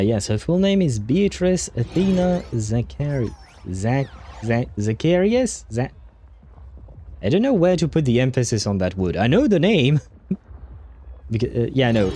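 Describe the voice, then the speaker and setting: A man hosting a livestream, casually commenting on a game as he plays, chatty and quick to laugh, with occasional swearing. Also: medium pitch, darkish tone, a little hiss or hum. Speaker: livestream host playing a game.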